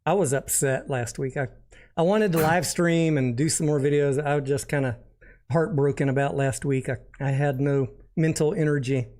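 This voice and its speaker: A man's voice: on the high side, fairly even intonation, normal speed, darkish tone. A man hosting a casual livestream, chatting and joking while reading viewer comments aloud. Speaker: livestream host.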